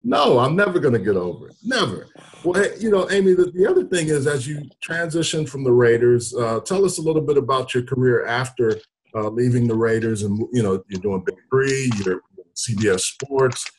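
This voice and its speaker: A man's voice: medium pitch, lively intonation, fairly quick, slight background noise. A man hosting a sports talk interview, easygoing and rambling, chuckling as he asks questions. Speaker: host.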